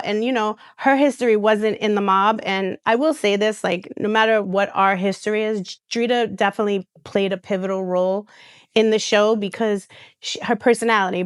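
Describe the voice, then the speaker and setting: A woman's voice: mid-range voice, clean tone, dry recording, studio quality. A woman, telling stories in a casual interview and acting out the voices of the people she quotes. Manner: animated storyteller who acts out quoted voices, with restarts and laughs. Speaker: reality TV star and guest.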